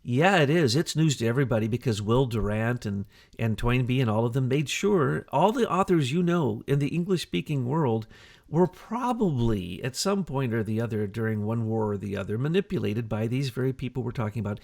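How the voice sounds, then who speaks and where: A man co-hosting a talk show, talking in an animated, emphatic way with rhetorical questions. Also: medium pitch, brisk, gravelly. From United States. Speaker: co-host. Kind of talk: conversational talk show discussion.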